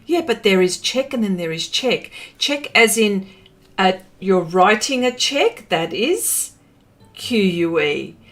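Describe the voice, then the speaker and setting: Slow, chatty Australian woman. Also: medium pitch, sing-song, fairly bright tone, faint music behind. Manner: chatty, laughs often, trails off with fillers. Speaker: artist livestreaming. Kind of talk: casual livestream chat reading comments.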